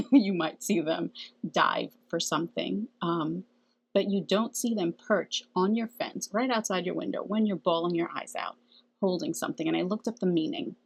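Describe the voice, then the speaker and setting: A woman's voice: lowish voice, creaky, husky, poor audio. A middle-aged woman talking casually and earnestly to camera about spiritual signs, laughing often and checking in with "okay?". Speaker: spiritual channel host.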